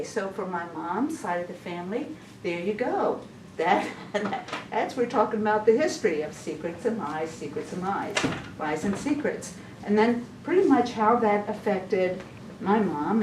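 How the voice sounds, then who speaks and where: A woman giving a casual testimony at a church women's session, chatty and full of restarts. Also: fairly low pitch. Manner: chatty, stumbling restarts, laughs often. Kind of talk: informal testimony talk. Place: church hall. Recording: echoey room, mic far off, noisy.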